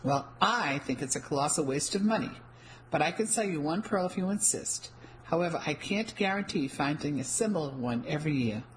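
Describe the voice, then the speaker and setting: A woman voicing a blunt, dramatic jeweler of about fifty who has a gravelly voice and a haughty manner. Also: low-pitched, expressive, brisk, a little hiss or hum, rough recording. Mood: dismissive. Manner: haughty, dismissive. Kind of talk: audiobook character reading.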